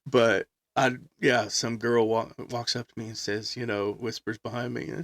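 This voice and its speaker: Animated man telling band stories. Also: mid-range voice, normal speed, no echo. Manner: animated, acts out quotes, laughs often. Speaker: guest musician. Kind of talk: casual storytelling chat.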